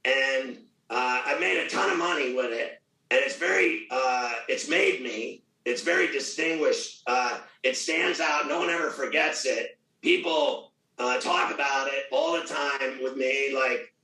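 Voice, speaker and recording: A middle-aged man with a gravelly voice, talking loudly, boastfully and with a lot of swearing in a casual interview. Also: medium pitch, normal speed, far from the mic. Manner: loud, profane, boastful. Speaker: radio host guest. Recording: echoey room, off mic.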